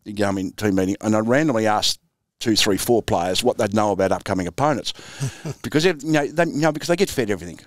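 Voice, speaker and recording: A man's voice: lowish voice, animated, fast talker, few pauses, no room sound, clean studio sound. An Australian man in his sixties, a former footballer and coach, telling anecdotes in a laid-back, chuckling interview style. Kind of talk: storytelling interview.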